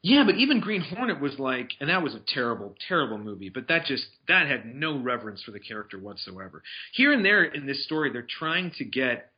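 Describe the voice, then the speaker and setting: A man's voice: mid-range voice, big pitch swings, fairly quick, few pauses. A man talking casually about films he has seen, rambling with restarts and fillers. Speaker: film reviewer. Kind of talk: casual movie review chat. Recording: dull lo-fi sound.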